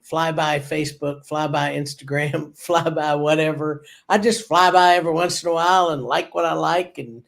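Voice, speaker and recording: A man's voice: on the high side, steady tone, normal speed, vocal fry, few pauses, fairly bright tone. A man co-hosting a marketing talk show, easygoing and self-deprecating in casual chat.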